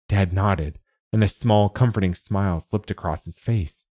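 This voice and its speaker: Low, husky male audiobook narrator. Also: moderate pace, mellow, dry recording, studio quality. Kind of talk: scripted first-person narration.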